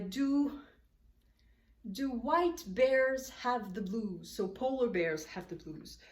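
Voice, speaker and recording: A woman vlogging casually about her books, thinking aloud and correcting herself as she sorts them onto her shelves at home. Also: medium pitch. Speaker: book vlogger. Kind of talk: casual chat sorting books. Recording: roomy echoey room.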